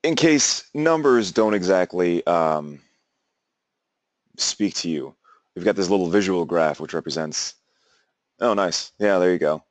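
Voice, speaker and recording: A young man with a very low voice gives a classroom lecture, wandering through his points with plenty of "uh"s and false starts. The sound is dry and close, with little room around it. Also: animated, measured pace, long pauses, no room sound. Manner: rambling, many fillers and restarts. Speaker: teacher.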